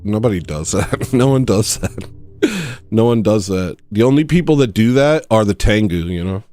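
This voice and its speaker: A man's voice: lowish voice, lively intonation, moderate pace, mellow. A man hosting a livestream, rambling through a comedic monologue that jumps between tangents and laughs at his own jokes. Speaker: livestream host.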